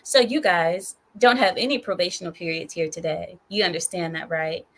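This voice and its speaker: A hoarse woman hosting a casual live stream, teasing and scolding her viewers in a mock-stern way. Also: on the low side, moderate pace. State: hoarse from screaming. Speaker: livestream host.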